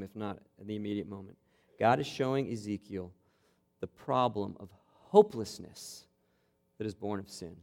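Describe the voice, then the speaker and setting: A man preaching a sermon to students in a conversational way, often checking in with "okay?" and growing animated as he retells a passage. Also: medium pitch. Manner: builds to animated, vivid retelling. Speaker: campus pastor.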